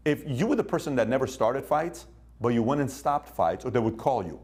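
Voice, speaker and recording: A man's voice: mid-range voice, animated, brisk, a little mellow, slightly rough. A man giving a motivational talk, telling stories in a punchy way and putting questions to his listeners. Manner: storytelling, punchy, asks the room questions. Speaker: motivational speaker.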